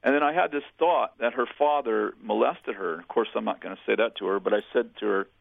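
Gravelly low-voiced pastor guy telling a story over a tinny phone line, earnest, plain talk. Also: fast talker, no echo. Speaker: pastor and guest. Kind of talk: storytelling in a radio interview.

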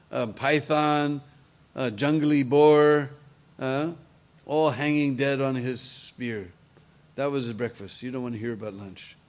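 A man telling a devotional story in an animated way, with chatty asides to his listeners. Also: a little high.

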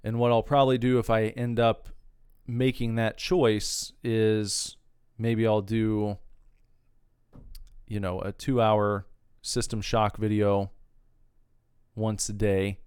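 A man's voice: on the low side, level tone, takes it slowly, long pauses, a little mellow, clear, resonant tone, no echo, clean studio sound. A man hosting his own podcast, talking casually in a rambling, profane rant that wanders off on tangents. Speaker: podcast host.

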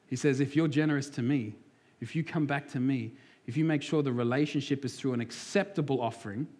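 A man preaching a sermon as pastor, talking through scripture and acting out quoted voices, some of them dropped to near whispers. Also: a little high.

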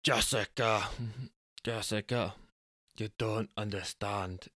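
A restless husband craving danger, as a storyteller plays him, speaking in a hushed, low West Country voice. The sound is close and dry, and the earnest storybook tone stays quiet throughout. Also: male voice, steady tone, slow pace, no room sound, heavily acted. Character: restless thrill-seeking husband, low and brooding.

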